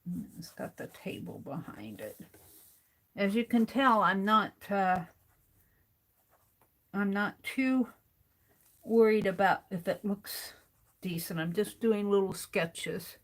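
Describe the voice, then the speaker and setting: Sketching for her art vlog, a middle-aged woman muses slowly and casually to herself about what she'll draw next. Her voice is medium in pitch and animated.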